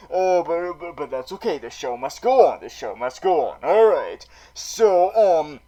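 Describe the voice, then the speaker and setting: A man's voice: fairly high pitch, big pitch swings, slow pace, mellow, poor audio. A man playing a theatrical super villain who hosts a comedic recap vlog, stammering and repeating words as he goes. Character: theatrical male super villain vlogger, dramatic. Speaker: vlog host.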